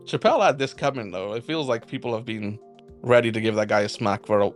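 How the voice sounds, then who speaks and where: A Welsh man co-hosting a casual chat, enthusiastic and quick to laugh. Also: medium pitch, expressive, faint music behind. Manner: enthusiastic, news-sharing, laughs often. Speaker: podcast co-host.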